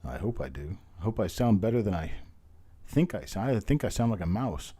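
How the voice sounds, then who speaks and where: A hoarse man, his voice still recovering, hosting a live online coin auction in a folksy, chatty way and calling out bids over and over. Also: lowish voice, big pitch swings, brisk, dark tone. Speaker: auctioneer host.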